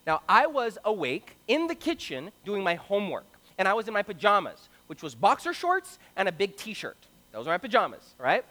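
A young man from Brazil telling a story in an animated sermon, acting out the voices of the people in it. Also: high-pitched. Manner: animated, acts out quoted voices. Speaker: preacher. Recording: long hall reverb.

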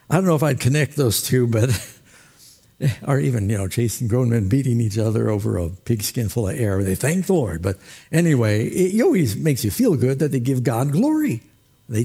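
Husky-voiced man preaching a folksy sermon. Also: mid-range voice, mellow. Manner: folksy, humorous asides with laughs. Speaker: pastor.

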